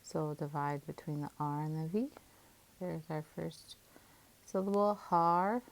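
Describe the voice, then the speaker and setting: A woman teacher calmly walking through syllable division, sounding out each part of a word. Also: low-pitched, moderate pace, creaky, slight background noise, rough recording. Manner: calm, methodical, sounds out syllables. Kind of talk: phonics lesson, syllable division.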